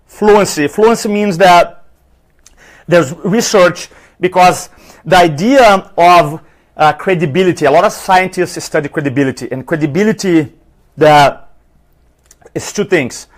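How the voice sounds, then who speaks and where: A man with a thick Spanish-influenced accent giving a lively live seminar on persuasion, asking the audience questions and counting off numbered tips. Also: sits high, a little slow, long pauses. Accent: foreign accent, Spanish-influenced. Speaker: public speaking trainer. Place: event room with an audience.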